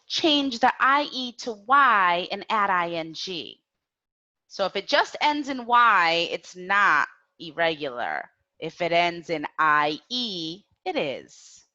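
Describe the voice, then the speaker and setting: Slow, lively woman teaching English. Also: medium pitch, lo-fi sound. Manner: slow, clear, drills learners with repetition. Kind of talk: grammar lesson.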